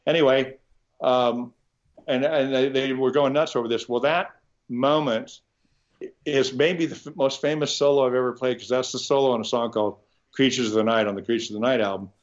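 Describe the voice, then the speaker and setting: Speaking briskly in a mid-range voice, a Nebraska guitarist rambles through lively anecdotes during an easygoing interview. He restarts sentences often and swears once in a while, and the highs in the recording are cut off.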